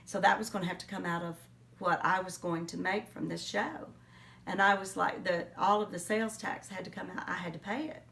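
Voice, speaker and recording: A middle-aged woman giving an oral history interview, telling her story in an earnest, reflective way with pauses and fillers. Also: mid-range voice, creaky, a bit bright, recorded from a distance. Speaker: interviewee, teacher.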